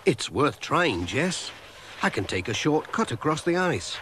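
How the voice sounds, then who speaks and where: A man's voice: on the high side, big pitch swings, unhurried, a bit bright, slight background noise. A man voicing a cheerful postman. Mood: determined. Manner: good-natured, easygoing. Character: cheerful village postman, friendly and helpful. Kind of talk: children's animation voice acting.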